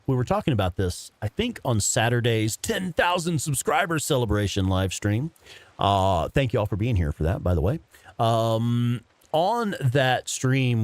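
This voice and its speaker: Man in his fifties, game streamer, laid-back, laughs a lot, curses freely, lively up-and-down pitch. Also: no room sound. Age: 50s. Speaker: gameplay streamer. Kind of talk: casual let's play commentary.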